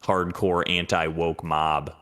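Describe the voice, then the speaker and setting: A young man co-hosting a podcast rambles through a casual chat, using lots of fillers. His voice sits low and stays level, moving slowly with a fairly bright tone.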